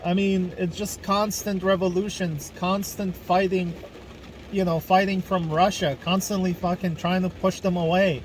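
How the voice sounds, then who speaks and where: A man's voice: high voice, flat delivery, a little slow, slight background noise. A young man from Ukraine hosting a casual video podcast, ranting angrily with lots of swearing and fillers. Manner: angry, profane ranting with fillers. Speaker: podcast host.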